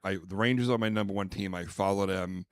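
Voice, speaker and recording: A man hosting a podcast in casual chat, rambling with restarts and bursts of mimicked squeaks. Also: steady tone, quick pace, smooth, no room sound, clean studio sound. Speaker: podcast host.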